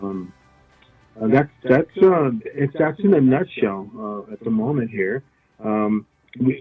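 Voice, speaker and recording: A man working as a solar sales representative, explaining his offers in casual interview talk, halting with many fillers and restarts. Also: medium pitch, expressive, husky, phone-quality sound, faint music behind.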